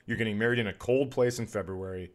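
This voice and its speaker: A man hosting a podcast, telling a crude, animated story about a rough comedy show and mocking hecklers in put-on voices. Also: fairly low pitch, quick pace. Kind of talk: casual storytelling chat.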